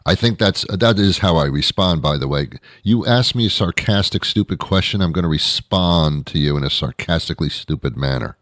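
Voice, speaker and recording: A man's voice: sits low, expressive, moderate pace, few pauses, a bit bright, dry recording, clean studio sound. A man hosting his own show, delivering a rambling, sarcastic comedic monologue with many self-corrections. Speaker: podcast host.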